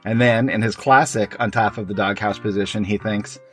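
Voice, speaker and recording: A man's voice: on the low side, moderate pace, soft background music. Chuckling man reading comics aloud. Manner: chuckles often, animated reading. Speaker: podcast co-host. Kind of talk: casual chat, reading comic strips aloud.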